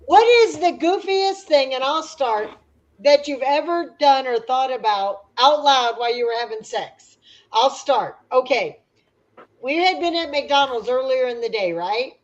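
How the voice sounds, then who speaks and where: A middle-aged woman hosts a loose group chat on a livestream, her voice sitting high. She tells stories with plenty of laughter. The stream audio sounds dull and lo-fi. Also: expressive, unhurried. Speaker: livestream host.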